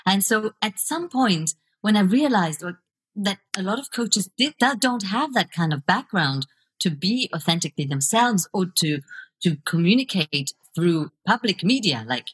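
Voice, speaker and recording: A woman's voice: medium pitch, animated, normal speed, breathy edge. A middle-aged woman, a video coach and author, speaking as a guest in a podcast interview in an earnest, reflective way. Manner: reflective, earnest, laughs easily.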